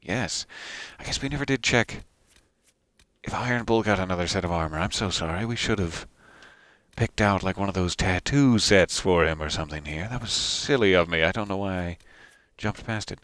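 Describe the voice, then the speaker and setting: A man's voice: sits low, moderate pace, fairly bright tone, dry recording. A man giving casual, joking commentary while playing a video game as the host of a let's play. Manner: joking, self-deprecating asides.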